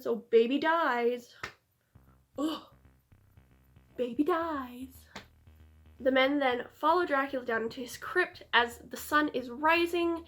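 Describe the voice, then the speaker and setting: Woman, film reviewer, chatty, sarcastic asides, fairly high voice, faint background music. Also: fairly bright tone.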